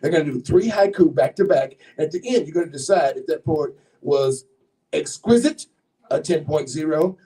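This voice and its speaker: High-voiced man hyping a crowd. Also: mellow, recorded from a distance, poor audio. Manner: hypes up the crowd, playful and chatty. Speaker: poetry slam host. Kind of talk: live event hosting. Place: bookshop event space, live audience. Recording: voice heard from off-mic.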